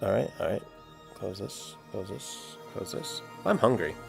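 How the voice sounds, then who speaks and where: A man's voice: on the low side, expressive, a little slow, vocal fry, over music. A man livestreaming while he works, chatting casually and thinking aloud to his viewers. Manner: rambling, thinks aloud, talks to chat.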